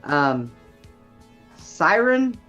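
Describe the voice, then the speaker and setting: A woman with a low voice chats in a slow, unhurried way, blunt and gossipy. Her pitch swings widely as she teases. The stream audio is dull and lo-fi, with faint music underneath. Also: big pitch swings, a bit bright. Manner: gossipy, blunt, laughs often. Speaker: show host. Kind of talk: casual chat.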